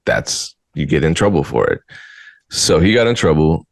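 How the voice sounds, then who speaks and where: A man's voice: very deep voice, expressive, normal speed, creaky, dry recording. A man hosting a casual podcast, talking bluntly and with exasperation, sometimes mocking. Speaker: podcast host. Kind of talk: casual commentary.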